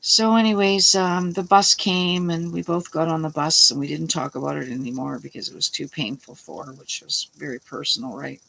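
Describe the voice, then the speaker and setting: Middle-aged woman rambling through a story, bright edgy voice with lots of fry, swears a bit. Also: deep voice, moderate pace, few pauses, rough recording. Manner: rambling, salty, starts over mid-sentence. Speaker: vlogger. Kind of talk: casual storytelling to camera.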